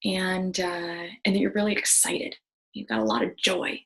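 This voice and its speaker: This middle-aged wellness-video host speaks in a lowish, gravelly voice that's a bit bright, keeping a level tone and moderate pace. Chatting casually to camera, she's earnest and enthusiastic, with many fillers and restarts, and the recording is rough.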